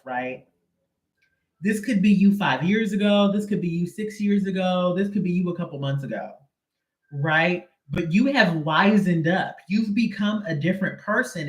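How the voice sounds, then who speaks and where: A man's voice: high voice, reverberant. A man giving a casual live tarot reading in a sassy, slangy, emphatic way. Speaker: tarot reader.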